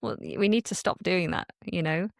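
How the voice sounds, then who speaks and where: A woman's voice: fairly low pitch, animated, a little fast, dry recording, studio quality. Articulate woman with a light Northern accent. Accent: light Northern English. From Manchester, England. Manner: articulate, earnest, clear speech. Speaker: guest, English teacher creator. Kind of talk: casual interview chat.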